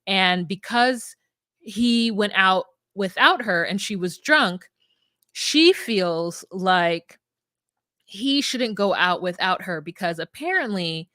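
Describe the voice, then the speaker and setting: A woman co-hosting a podcast, chatting casually and breaking into mock voices when she quotes people. Her voice sits at a middle pitch, recorded close and dry with no room sound. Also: animated, unhurried, bright, forceful tone, clear, resonant tone, no echo. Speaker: podcast co-host. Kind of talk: casual recap chat.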